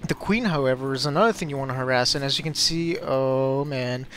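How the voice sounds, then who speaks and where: A young man commentating his own game replay as a tutorial, excitable and quick to get flustered in the fights. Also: medium pitch, soft background music.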